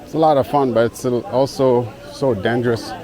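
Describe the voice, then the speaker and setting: A man's voice: mid-range voice, fairly even intonation, normal speed, crowd noise. A man vlogging casually on a rural trail, out of breath from the climb, easygoing and chuckling, recorded on a handheld camera. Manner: easygoing, chuckles often, greets locals. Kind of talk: casual travel vlog.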